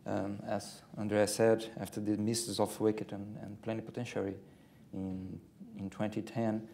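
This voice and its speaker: A man speaking as a panelist in a policy discussion, talking in a hesitant, halting way. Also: on the low side, level tone, gravelly, mellow, a little hiss or hum.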